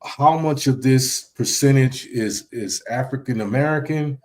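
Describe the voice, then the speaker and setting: A man's voice: mid-range voice, measured pace. Hesitant man hosting a discussion. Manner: hesitant, many ums and restarts. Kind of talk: casual discussion.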